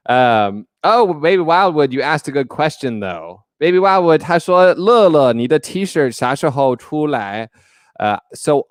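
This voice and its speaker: A man's voice: medium pitch, clear, resonant tone, no echo, studio quality. A man hosting a casual livestream, chatty and joking as he greets viewers by name. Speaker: livestream host.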